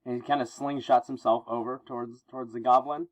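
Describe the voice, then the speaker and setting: Relaxed man teaching a comic reading. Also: medium pitch, brisk, hardly any pauses, low-quality recording. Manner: explanatory, relaxed, many fillers. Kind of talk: reading and explaining a comic book.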